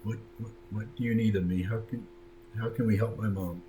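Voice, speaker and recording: A man's voice: fairly low pitch, fairly even intonation, fairly quick, mellow, faint music behind, natural voice, low-quality recording. A man voicing a frightened little girl who earnestly pleads with her mother. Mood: worried.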